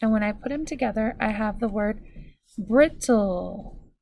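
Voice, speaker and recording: Slow, clear woman teaching phonics. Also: medium pitch, a little mellow, a little hiss or hum. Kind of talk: recorded phonics lesson.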